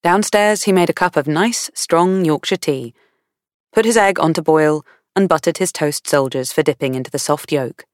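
A woman's voice: low-pitched, moderate pace, no echo, clean studio sound. Woman reading an audiobook. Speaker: audiobook narrator. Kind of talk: scripted narration.

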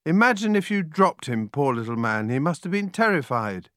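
A tender young girl with a high, lively voice that rises and falls. A man acts her out in a storybook reading. The sound is close and dry. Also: moderate pace, no echo. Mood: indignant. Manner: high, breathless and pleading.

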